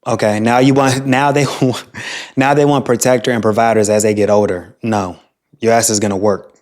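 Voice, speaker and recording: A man's voice: lowish voice, steady tone, normal speed, darkish tone. A man hosting a reaction video, ranting in a crude, scornful way about the clips he plays. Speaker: reaction host. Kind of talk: reaction commentary.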